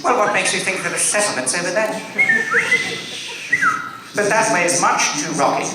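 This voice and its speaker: A fretful, fussy male protocol droid frets in clipped, precise tones, as a man puts him on from a convention stage. The voice sits high and comes from a distance. Cavernous echo and steady hall noise surround it. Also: moderate pace. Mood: indignant. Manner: prim, fretful, precise diction. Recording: echoey hall from far off, noisy.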